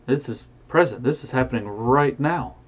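A man voicing a calm, matter-of-fact spirit guide who plainly explains, on a dull lo-fi recording. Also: medium pitch, normal speed, lightly acted. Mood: lecturing.

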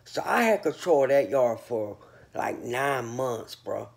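A man from North Carolina holds forth in a loose, rambling monologue to his viewers. His voice sits at an ordinary male pitch. He is boastful and full of street slang, and he sounds a bit sleepy. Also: animated, unhurried, creaky. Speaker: vlogger. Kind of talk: casual monologue to camera.

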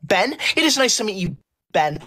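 A prim, rule-obsessed teacher's pet, played by a woman on a livestream, scolding in stiff, formal and deliberate sentences. Her voice sits at a middling height and swoops up and down with lively emphasis, and she takes offense easily. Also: medium pitch. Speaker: livestream host. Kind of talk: comic role-play on a livestream.

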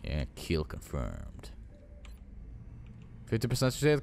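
A man's voice: lowish voice, animated, measured pace, slight background noise. A young man commentating his own gameplay, swearing a lot and scolding his game units. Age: young adult. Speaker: gaming channel host. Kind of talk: let's play commentary.

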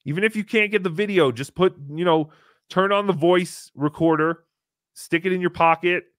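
A man's voice: sits high, moderate pace, a bit bright, no room sound, studio quality. A man hosting a call-in podcast, chatting casually in a wry, rambling way and swearing freely. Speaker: podcast host taking calls.

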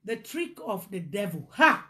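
A woman preaching a motivational sermon, impassioned, swinging from shouted bursts to hushed low lines. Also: big pitch swings, a little slow.

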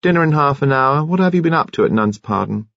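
A languid, sardonic wife, as a male narrator puts her on, drawling her words idly with a dry edge. The voice stays low and husky, in a dry, slightly muffled audiobook recording. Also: fast, no echo. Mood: idle. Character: languid, idle colonel's wife, coolly sardonic.

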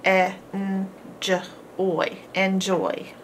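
Slow, patient woman phonics teacher. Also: medium pitch, flat delivery, a little hiss or hum. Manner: patient, clearly segments each sound. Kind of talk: slow phonics lesson with sounding out.

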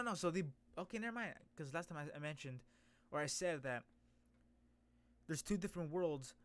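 A man streaming a casual comic readthrough, reacting excitably with gasps and exclamations. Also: on the high side. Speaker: streamer reading a webtoon.

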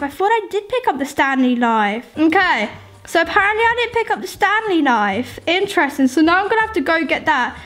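A woman, a gaming YouTuber, chatting excitedly with viewers as she plays through a game, often talking to the game itself. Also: extremely high pitch. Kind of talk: let's-play commentary.

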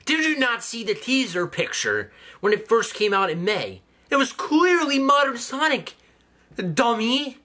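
A man's voice: extremely high pitch, sing-song, a little slow, bright, forceful tone, a little hiss or hum. A man hosting a reaction video, talking casually in a sarcastic, mocking way and swearing freely.

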